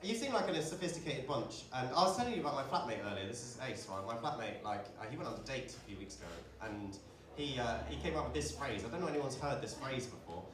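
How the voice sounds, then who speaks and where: A man's voice: mid-range voice, expressive, quick pace, few pauses, background noise. A man doing a stand-up comedy set in a pub, chatting with the crowd, swearing often and checking in with "right?" as he tells his stories. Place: comedy pub stage before a live audience. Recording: echoey pub room, distant mic, audience laughter.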